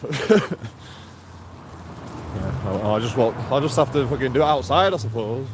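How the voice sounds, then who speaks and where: A man with a medium-pitched voice vlogs at normal speed while walking outdoors through streets and a graveyard, wind roaring loudly on his mic. Talking casually to his viewers, he rambles, swears, jokes, and laughs at himself.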